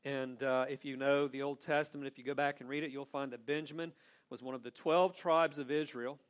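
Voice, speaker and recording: A man's voice: medium pitch, flat delivery, fairly quick, clear, resonant tone. A man preaching an expository sermon as pastor, earnest and emphatic, often restating his phrases.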